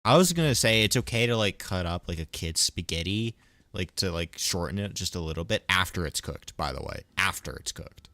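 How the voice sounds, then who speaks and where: A man's voice: sits low, animated, brisk, sharp tone, no room sound. A young man streaming a game, chatting casually in a rambling, joking way and laughing often. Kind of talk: casual chat while gaming.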